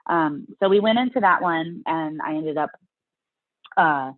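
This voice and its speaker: A woman's voice: low voice, a little slow, dry recording. A middle-aged woman from the US South, a guest in a casual interview, chatting and acting out her own past reactions in quotes. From Louisiana, US South. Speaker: interview guest, fitness competitor. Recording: dry, tinny phone-like line.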